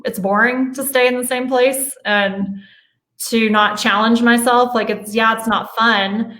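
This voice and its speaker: A woman's voice: on the high side, fairly even intonation, a little slow, sharp tone. A woman hosting an interview, who talks casually and hesitantly, often restarting her sentences. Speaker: host. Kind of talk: conversational interview. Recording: echoey room.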